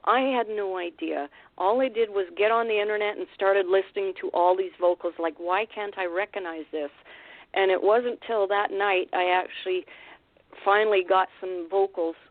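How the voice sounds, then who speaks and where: A woman from Vancouver Island, a guest on a radio show, telling a frightening encounter in an emotional, halting way with many restarts. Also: medium pitch, no echo. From Canada, Vancouver Island. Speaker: guest, Sasquatch researcher. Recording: dry, phone-like radio call line.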